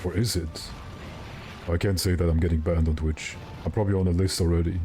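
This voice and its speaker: A man's voice: deep voice, steady tone, a little fast, warm tone, faint music behind. A young man streaming a game, chatting casually and rambling with his viewers while he plays. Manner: rambling, joking, answers chat.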